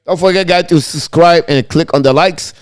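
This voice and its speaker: Excitable man calling hockey. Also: a little high, moderate pace, dry recording, studio quality. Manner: excitable, laughs often, broken English phrasing. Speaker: live-stream hockey host. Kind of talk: live play-by-play commentary.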